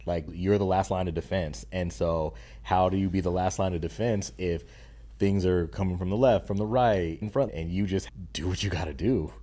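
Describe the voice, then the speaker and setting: A man's voice: deep voice, moderate pace, dark tone. A young adult man speaking as a podcast guest in casual conversation, earnest and emphatic with a slangy way of talking. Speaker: podcast guest, stay-at-home dad and content creator.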